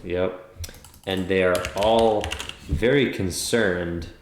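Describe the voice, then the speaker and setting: A man's voice: sits low, steady tone, takes it slowly. A man acting as game master, narrating a tabletop game in a laid-back way. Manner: laid-back, laughs easily. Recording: echoey room with faint noise.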